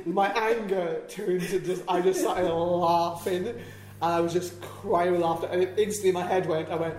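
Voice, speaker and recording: Higher-voiced man in an echoey room. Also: fairly even intonation, normal speed, a little mellow. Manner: laughs easily, chatty. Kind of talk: casual chat.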